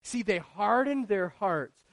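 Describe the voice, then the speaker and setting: Male pastor, high voice, lively preaching, rises and drops in volume, rhetorical questions. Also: takes it slowly, dry recording. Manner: animated preaching, shifting between loud and hushed. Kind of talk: sermon.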